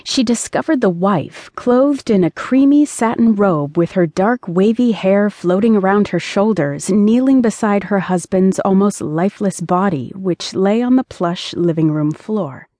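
Woman audiobook narrator, mid-pitched and warm, measured expressive read, dry close mic. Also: no room sound.

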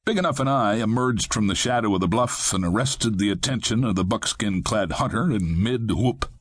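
A man narrating a western audiobook in the first person, with measured, plain-spoken delivery. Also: on the low side, slightly rough, no room sound.

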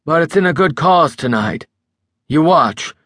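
Guy doing a boozy old fixer, stubborn and rambling, voice pushed up higher, dry. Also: lively intonation, a little slow, fairly bright tone, dry recording. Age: older. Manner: rambling, backslapping bluster. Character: tipsy older male political fixer, chatty, stubborn.

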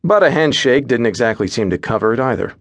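A man's voice: medium pitch, lively intonation, quick pace, no echo. A man narrating a first-person fantasy audiobook in a wry, dry storytelling manner.

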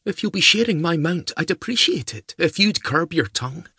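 A man's voice: on the high side, expressive, normal speed, gravelly, sharp tone, husky, no room sound, studio quality, voice pushed up, exaggerated voice. A male audiobook narrator voicing a feisty, spoilt young noblewoman who speaks in a clipped, haughty manner. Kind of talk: audiobook character voice.

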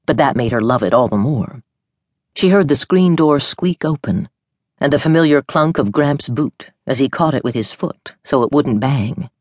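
A woman narrating an audiobook novel in an expressive storytelling manner. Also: a bass voice, moderate pace, slightly rough, no room sound, clean studio sound.

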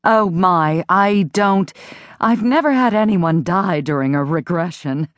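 A woman narrator voicing a prim, measured middle-aged woman who guides a past-life regression in an audiobook. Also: lowish voice, expressive, dry recording. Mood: worried. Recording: dry studio audiobook recording.

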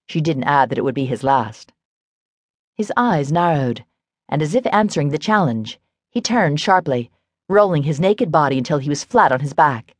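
A woman narrates a romance novel in an even, measured way. Her voice is low, and the studio sound is dry and close with no room echo. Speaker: audiobook narrator.

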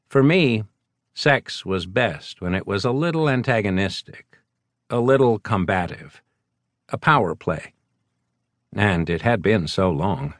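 Deep-voiced man narrating an audiobook. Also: a bit bright, no room sound, studio quality. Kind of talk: first-person scripted narration.

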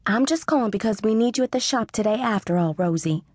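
A woman's voice: on the high side, lively intonation, fast, a little mellow, dry recording, studio quality. A woman voicing a bossy middle-aged mother who nags her daughter in an accusing tone. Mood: nagging.

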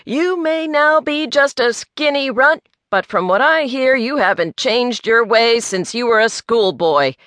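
A woman's voice: fairly high pitch, animated, unhurried, few pauses, no room sound, voice pushed up. A woman voicing a blunt, outspoken middle-aged man who teases sharply. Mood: needling. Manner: teasing and sharp.

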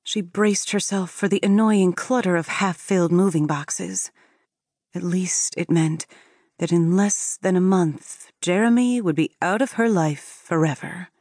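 A woman narrating an audiobook with steady, expressive storytelling. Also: fairly low pitch, unhurried, no room sound, studio quality.

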